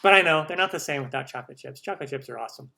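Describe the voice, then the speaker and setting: A man's voice: on the high side, racing, creaky, pushed and bright. A man from the United States hosting a cooking channel live stream, chatting upbeat through viewer questions with lots of ums.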